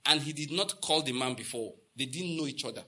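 Preaching at a fairly quick clip, this Nigerian pastor has a medium-pitched, bright and forceful voice. His sermon mixes storytelling with acted-out dialogue, repeated lines for emphasis, and questions aimed at the congregation.

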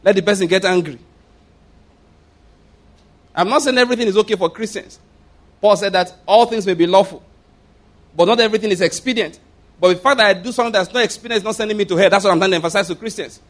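A middle-aged male pastor preaching a sermon in an emphatic, animated way, often repeating his phrases. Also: high voice, quick pace, pauses often.

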